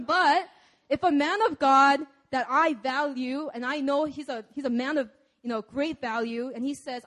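A woman's voice: sits high, a little slow, fairly bright tone. A young woman preaching a sermon in a casual, conversational way, laughing often.

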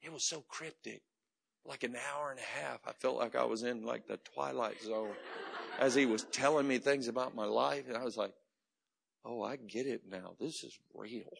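A middle-aged man preaching a sermon as a pastor, telling a story dramatically and moving between loud and hushed delivery. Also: mid-range voice, steady tone, moderate pace, creaky, slightly rough.

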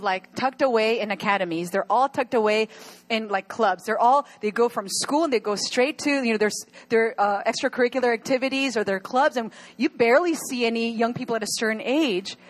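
A young adult woman preaching an earnest sermon to her church, at times crying as she pleads. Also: on the high side. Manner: earnest, rising to emotional pleas. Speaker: pastor.

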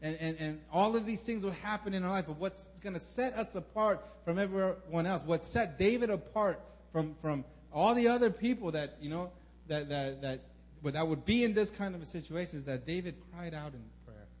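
A young man preaching a casual sermon as a pastor, informal and earnest, full of fillers, sometimes acting out prayers loudly. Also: high voice, lively intonation, normal speed. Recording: dull lo-fi recording with faint hum.

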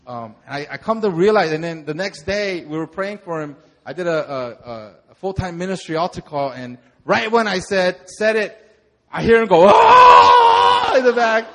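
A young man, a pastor, telling a lively sermon testimony and acting out the moments in his story. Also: high-pitched, moderate pace. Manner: animated storytelling, acts out shouts.

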